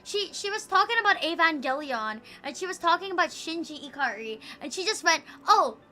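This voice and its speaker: A woman's voice: extremely high pitch, lively intonation, a little fast, bright, forceful tone. A woman streamer in casual livestream chat, rambling, swearing a lot and breaking into giggles.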